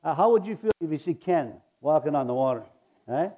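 Folksy older preacher with a mellow voice. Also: male voice, a little high, expressive, fairly quick. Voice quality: chuckling, folksy storytelling with a call-and-response manner. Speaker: pastor. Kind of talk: sermon.

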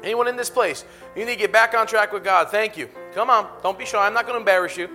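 A male pastor preaches in a church auditorium with a high, bright voice. He keeps breaking into laughter and calls out to the congregation. Soft music plays faintly behind him. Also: fast. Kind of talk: sermon and altar call.

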